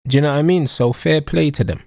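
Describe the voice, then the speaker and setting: A man's voice: fairly high pitch, quick pace, vocal fry, darkish tone, no room sound, studio quality. A young man with a London accent, ranting casually about football on a live stream, full of slang and repeated catchphrases. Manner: slangy, emphatic, repetitive.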